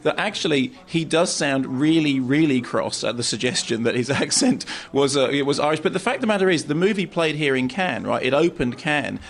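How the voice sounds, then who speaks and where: A man speaking as a film critic on a radio show, riffing excitably and tripping over repeated words. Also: fairly high pitch, fairly quick, few pauses. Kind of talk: casual radio chat.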